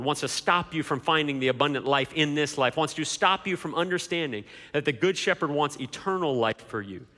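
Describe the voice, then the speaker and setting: A man's voice: fairly high pitch, bright, forceful tone. A man preaching a sermon as pastor, emphatic, with repeated rhetorical questions. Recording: long hall reverb.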